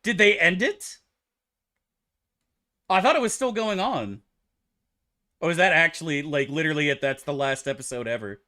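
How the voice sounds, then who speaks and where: At normal speed but pausing often, the man's fairly high voice sounds pushed and bright. He's streaming a game and answering chat with rambling, profane, casual banter.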